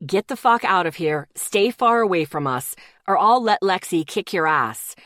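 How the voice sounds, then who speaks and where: Audiobook: woman reads angry guarding young man, lowered, growling voice. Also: expressive, moderate pace, no room sound, studio quality. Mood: furious. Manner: hushed at first, then growling and shaking with anger. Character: young man, protective and furious. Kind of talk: audiobook character reading.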